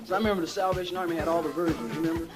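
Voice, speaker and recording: A high-pitched man working a stand-up comedy set. He talks loose and profane and keeps slipping into voices for the people in his jokes. Music plays clearly under the recording. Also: fairly even intonation, very fast, poor audio.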